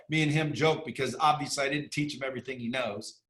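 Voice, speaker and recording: A man speaking as an interview guest in a blunt, emphatic way, firing off questions and swearing casually. His voice sits at a medium pitch. The recording carries a noticeable room echo. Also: fairly even intonation, fast talker, fairly bright tone. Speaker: interview guest, sales training entrepreneur. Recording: echoey room.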